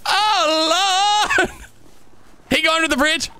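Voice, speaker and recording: Excitable high-pitched male streamer. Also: a little hiss or hum. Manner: loud, laughing, quick exclamations. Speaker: streamer playing a police officer. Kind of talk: excitable role-play radio chatter and chat shout-outs.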